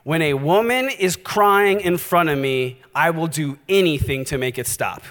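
High-voiced pastor preaching. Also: male voice, a little slow, in a large hall. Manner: animated, direct, challenging. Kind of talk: sermon.

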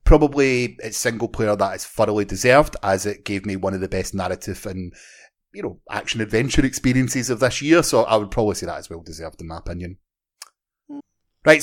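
Wry Scottish podcast host. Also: male voice, medium pitch. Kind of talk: casual podcast chat.

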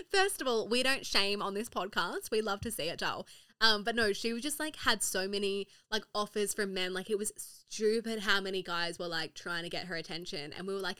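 A young woman hosts her own podcast, talking straight into her mic in a loose, rambling way. Her voice is bright and forward, and she laughs easily and swears casually between heavy use of "like.". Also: mid-range voice, normal speed, clean tone. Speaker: podcast host. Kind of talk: casual solo podcast chat.

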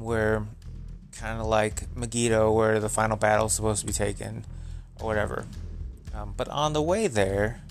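A man's voice: lowish voice, vocal fry. A man hosting a podcast, recapping a movie in a rambling, profane, filler-heavy way. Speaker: podcast host.

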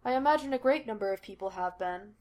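A woman's voice: medium pitch, lively intonation, quick pace, a little mellow, natural voice. Dry formal male butler, read by a woman, evasive, audiobook story.

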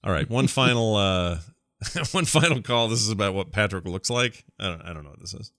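Bright, dry-voiced rambling male podcaster. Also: fairly low pitch, a little fast, no room sound. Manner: rambling, relaxed, many fillers. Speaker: podcast co-host. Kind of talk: casual podcast chat.

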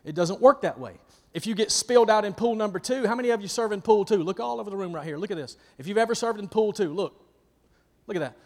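A man preaching a sermon in a church, swinging from loud emphasis to soft whispers and calling out to listeners by name. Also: sits high, fast talker, big-room sound. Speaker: pastor.

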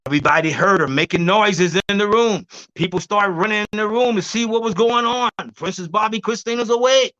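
A man being interviewed as an herbal healer, telling stories in a lively, demonstrative way, laughing often and acting out what others said. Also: high-pitched, brisk, dry recording, muffled recording. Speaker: guest herbalist. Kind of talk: animated storytelling interview.

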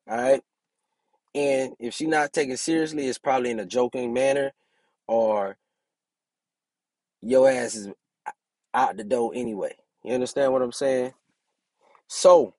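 A man's voice: medium pitch, darkish tone, dry recording. A brash young man hosting his own podcast, talking casually and preaching with plenty of profanity. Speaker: podcast host and relationship coach.

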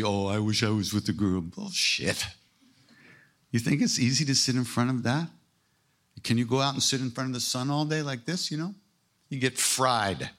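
An older man giving a casual spiritual talk as a podcast host, emphatic and irreverent, with blunt swearing and self-mocking jokes. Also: on the low side.

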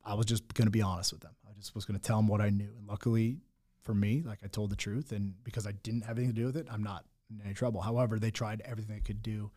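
A man's voice: lowish voice, fairly even intonation, racing, mellow. A young man telling his own hard story in candid talk, blunt and full of swearing and restarts. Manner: raw, blunt, swears often, many restarts.

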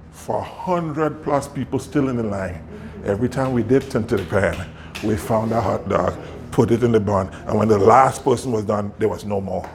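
A man's voice: lowish voice, moderate pace, a little hiss or hum. A man, a pastor, telling a story in a sermon. He laughs often and acts out the people he quotes.

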